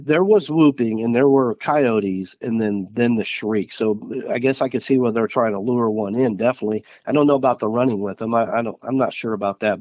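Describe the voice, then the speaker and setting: A man from Missouri, a guest on an interview podcast, recounting experiences in a halting, earnest way with frequent restarts. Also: mid-range voice, darkish tone, no echo, highs cut off. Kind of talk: casual interview chat.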